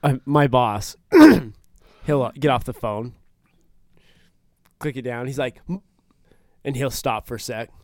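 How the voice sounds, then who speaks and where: Slow-talking man, casual podcast host. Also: medium pitch, sing-song, a little mellow, no echo. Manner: laughs along, quick reactions. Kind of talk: casual chat.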